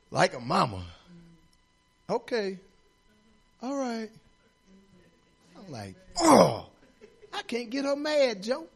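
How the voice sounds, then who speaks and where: A middle-aged man preaching a sermon as assistant pastor, folksy and conversational, telling personal stories and rising to shouts. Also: extremely high pitch. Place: church sanctuary.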